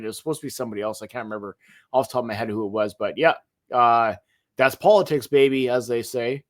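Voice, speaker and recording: Emphatic man co-hosting a podcast. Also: mid-range voice. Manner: animated, emphatic, restarts phrases often. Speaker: podcast co-host. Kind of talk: casual wrestling history chat.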